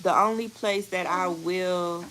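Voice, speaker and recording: A woman's voice: on the low side, fairly even intonation, takes it slowly, noisy background. A woman in her thirties, a mother, chatting casually with her viewers, calling them y'all and laughing often. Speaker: vlogger reading viewer comments. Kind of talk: casual live chat with viewers.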